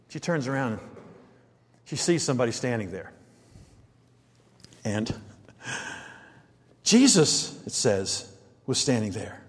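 A man preaching a sermon in an animated way, firing rhetorical questions and acting out quoted lines. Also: mid-range voice, slow, pauses often, in a large hall.

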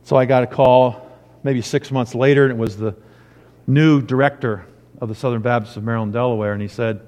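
A man's voice: medium pitch, fairly even intonation, brisk, a little mellow. A man preaching a sermon as pastor, telling a personal story and rising into emphatic preaching. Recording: long hall reverb.

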